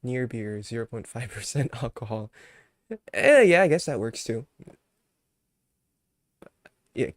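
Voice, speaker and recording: Male streamer, easygoing and rambling, filler-heavy casual chat, mid-pitched voice, dry sound. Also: animated, no room sound. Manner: laid-back, rambling, many fillers, quick to laugh.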